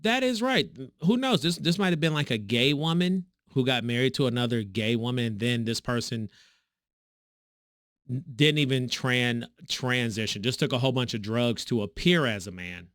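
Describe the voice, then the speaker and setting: A man hosting a reaction video, talking sarcastically and mockingly, with sudden high swoops in his voice. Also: moderate pace, dry recording, clean studio sound. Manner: sarcastic, mocking, animated pitch swings. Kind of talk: reaction commentary.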